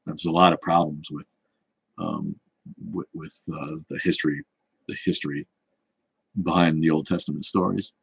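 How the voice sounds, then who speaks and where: A man's voice: rumbling low, animated, normal speed, creaky, pauses often, fairly bright tone, breathy edge. A man hosting a casual livestream chat, answering comments in a rambling, blunt and profane way. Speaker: show host.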